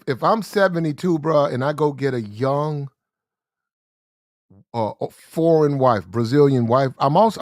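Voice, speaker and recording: A man delivers opinionated commentary in a blunt, slang-heavy way and circles back to repeat his points. His voice sits a little high for a man. The recording is close and dry, with no room sound. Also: no echo. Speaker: commentary show host.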